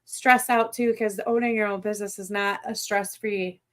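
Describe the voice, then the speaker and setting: A woman with a Midwestern American accent hosting a podcast, chatting in an excited, rambling way and correcting herself as she goes. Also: mid-range voice, moderate pace. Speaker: podcast host. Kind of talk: casual chat.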